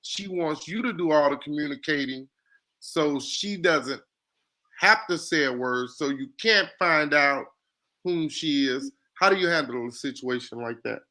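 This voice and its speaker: A man hosting a casual discussion, animated and joking as he lays out scenarios. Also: a little high, a little slow. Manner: animated, poses scenarios, jokey asides.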